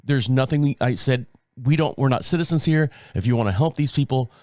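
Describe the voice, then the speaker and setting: A middle-aged man from the United States tells a story in a casual, rambling podcast monologue. He chuckles now and then and repeats phrases. His voice sits in a middle pitch, recorded dry and close with no room sound. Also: animated, fairly quick, darkish tone, dry recording. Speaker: podcast host.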